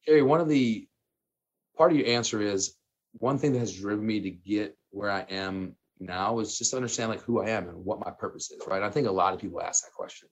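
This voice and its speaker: A man in his thirties, a guest telling a personal story in casual, animated talk, full of fillers and laughter. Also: on the low side, fairly quick, husky, dull audio.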